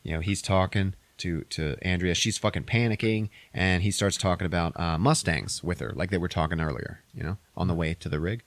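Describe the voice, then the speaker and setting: A man's voice: low voice, brisk, few pauses, dry recording. Rambling, swearing young man recapping a movie. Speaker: podcast host.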